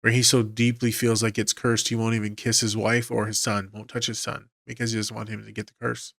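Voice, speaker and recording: Low gravelly-voiced man, emotional podcast host. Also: level tone, a little fast, fairly bright tone, no echo, studio quality. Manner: emotional, retells scenes with quoted dialogue, swears. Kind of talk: casual film breakdown.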